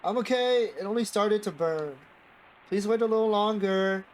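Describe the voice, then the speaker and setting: A man voicing a stern young woman who turns shrill when startled, while reading a visual novel aloud. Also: moderate pace, slight background noise, natural voice, poor audio. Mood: flustered. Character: stern young woman, jumpy and easily flustered.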